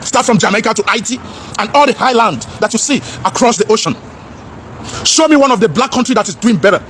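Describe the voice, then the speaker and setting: A man's voice: high-pitched, animated, fast, fairly bright tone, slight background noise. A man in an impassioned, preachy monologue, asking rhetorical questions and slipping into pidgin.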